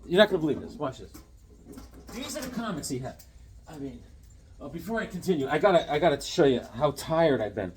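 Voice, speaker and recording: A man in his forties showing off a comic book haul, talking in an excitable, joking way, recorded at home on a camera mic. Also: a little high, normal speed, long pauses, breathy edge. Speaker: comic collector vlogger. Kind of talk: casual comic haul vlog with jokes.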